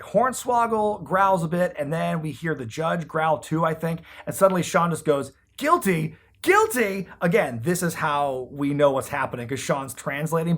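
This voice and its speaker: A man's voice: fairly high pitch, darkish tone. Sarcastic man recapping an old episode. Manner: sarcastic, exasperated. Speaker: podcast host. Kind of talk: casual episode recap commentary.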